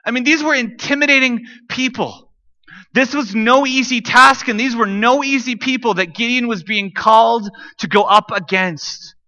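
A man preaching from the stage in a high, very bright, ringing voice. His delivery is conversational and easygoing, with joking asides to the room. The sound is a stage mic. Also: moderate pace, muffled recording. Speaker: pastor. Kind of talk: sermon.

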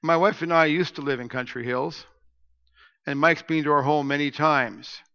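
A man preaching a sermon as pastor, telling stories and swinging between hushed asides and loud emphasis. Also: fairly high pitch, steady tone, moderate pace, clean tone. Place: church sanctuary. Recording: echoey church hall, dull lo-fi sound.

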